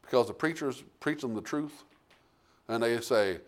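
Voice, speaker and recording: A man preaching a sermon, reading King James scripture and calling out to the congregation, with big swings between loud and quiet. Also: mid-range voice, moderate pace. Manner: animated preaching with big swings in loudness, asking the congregation "Amen?".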